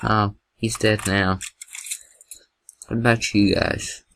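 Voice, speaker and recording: A young man doing excitable, jokey gameplay commentary with a gravelly voice, yelping at scares. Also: lowish voice, slow, a little hiss or hum, low-quality recording.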